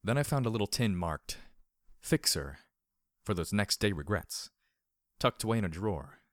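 A man reading a first-person story aloud, measured and wry. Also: lowish voice, expressive, dry recording, clean studio sound. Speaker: audiobook reader.

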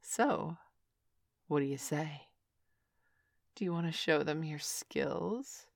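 A young woman in an adult audio role-play, talking in a teasing, bossy way with sighs and soft murmurs. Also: low voice, lively intonation, slow, gravelly, no room sound, clean studio sound.

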